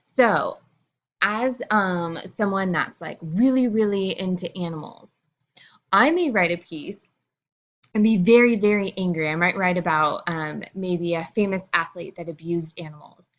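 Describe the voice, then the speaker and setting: A woman's voice: lowish voice, unhurried, highs cut off. A woman teacher explaining a lesson to her students in a casual, chatty way, with frequent fillers.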